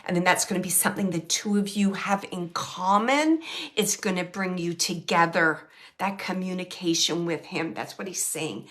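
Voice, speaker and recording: A woman medium relaying messages to an audience member, speaking softly, often dropping to a hush, with frequent restarts. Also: lowish voice, normal speed. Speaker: medium giving readings. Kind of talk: live mediumship reading to an audience.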